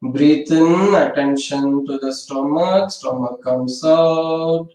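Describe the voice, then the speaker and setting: A man guiding a yoga class in calm, gentle, step-by-step instructions. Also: on the high side, slow. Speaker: yoga teacher. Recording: echoey room from far off.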